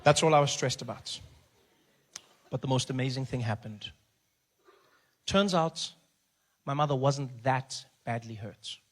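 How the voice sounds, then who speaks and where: A man, telling a story as a stand-up comedian, animated and acting out voices. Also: medium pitch, a little slow, pauses often.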